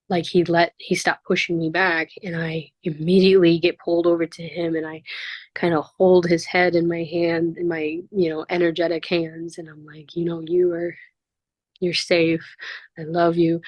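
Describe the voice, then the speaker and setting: Woman guest rambling through a personal story, lots of ums, lower voice, dry sound. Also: no room sound. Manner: earnest, rambling, with frequent fillers and laughs. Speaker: interview guest. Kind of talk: casual conversational storytelling.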